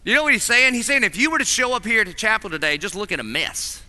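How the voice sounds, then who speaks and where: A man preaching a sermon in a chapel, animated and acting out little scenes with different voices. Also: sits high, fast talker. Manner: animated, acts out voices in stories. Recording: long reverb of a large hall.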